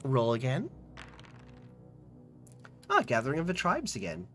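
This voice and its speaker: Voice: mid-range voice, wildly swooping pitch, a bit bright, faint music behind. A game streamer reading a fantasy video game's narration aloud dramatically and chatting casually about the choices between passages. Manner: reads narration dramatically, then chats quickly about choices.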